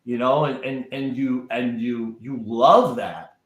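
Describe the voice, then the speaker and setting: Male guest, average pitch, emphatic and repetitive, echoey room. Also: steady tone, slow. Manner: emphatic, repeats words while building up. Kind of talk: casual chat.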